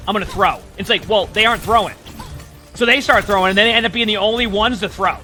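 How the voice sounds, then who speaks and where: A man's voice: high-pitched, fast talker, pushed and bright, faint music behind. A man giving casual commentary and coaching tips while he watches a player's match, chatty and repeating himself often. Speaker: streamer coaching a spectated player.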